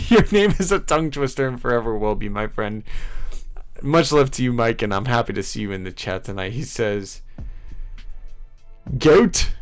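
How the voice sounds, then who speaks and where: A man's voice: mid-range voice, clean tone, no echo. A man hosting a casual livestream, upbeat and hyped, reading viewer comments aloud, with a stuffy nose from allergies. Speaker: livestream host.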